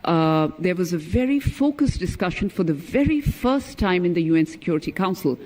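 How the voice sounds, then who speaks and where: A middle-aged man, a former ambassador giving a formal keynote speech in an emphatic, measured way that leans on key words. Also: high voice, lively intonation, darkish tone. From India. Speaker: former ambassador, conference speaker.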